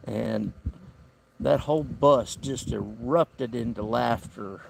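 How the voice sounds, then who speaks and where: A man's voice: medium pitch, takes it slowly, creaky, a little hiss or hum. A man with a Southern US accent hosting a casual camping livestream outdoors, talking in an easygoing, rambling drawl. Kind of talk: casual live-stream chat. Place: outdoor campsite by the woods.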